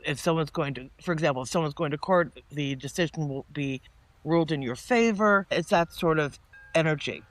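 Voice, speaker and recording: A man giving a casual spoken tarot reading. He rambles and often restarts his sentences, and he turns lively when he quotes people. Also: high voice, no echo. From northeastern United States. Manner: chatty and meandering, with many restarts and asides; animated when quoting people in mock-casual voices. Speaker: tarot reader.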